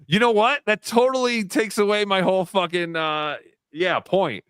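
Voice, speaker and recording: A man's voice: sits high, fairly even intonation, moderate pace, fairly bright tone, clean tone, no room sound, clean studio sound. A man hosting a casual livestream chat, loose and laughing, swearing freely. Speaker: livestream show host.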